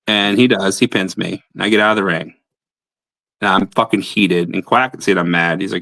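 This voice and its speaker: A man's voice: on the low side, a little fast, a bit bright, no room sound. A man, a pro wrestler guest, telling a blunt, profane story in casual talk.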